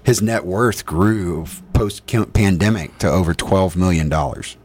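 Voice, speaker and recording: A man's voice: low voice, measured pace, darkish tone. A man with a New England accent, co-hosting a morning radio show and giving his views in a rambling way with many restarts. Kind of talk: casual radio talk.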